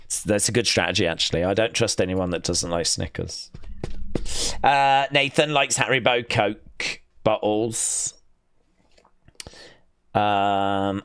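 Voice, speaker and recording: Gravelly, bright-voiced man hosting a live stream. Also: lowish voice, slow pace, pauses often, no echo. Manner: excitable, bursts into shouting and cheering. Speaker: live-stream host reacting to wrestling. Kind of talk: live watch-along reaction, reading chat.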